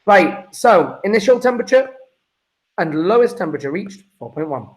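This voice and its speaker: A male teacher works through an exam paper step by step, with a voice that sits a little high for a man. He is chatty and informal, calling his students guys and folks as he explains. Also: big pitch swings, moderate pace, poor audio. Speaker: chemistry teacher.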